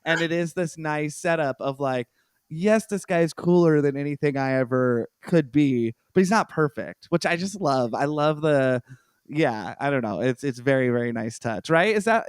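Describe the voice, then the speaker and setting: A man's voice: a little high, clear, resonant tone, no echo. A man in casual film podcast chat, enthusiastic and apologetic, correcting himself as he talks. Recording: dry close mic.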